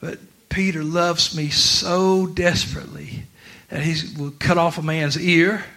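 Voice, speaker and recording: A preacher man with a drawl and a bright, forceful voice set a little high. He moves from low, confiding talk to loud, laughing shouts. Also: fairly even intonation, measured pace, creaky. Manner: swings from quiet to shouting, laughing through lines. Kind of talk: sermon.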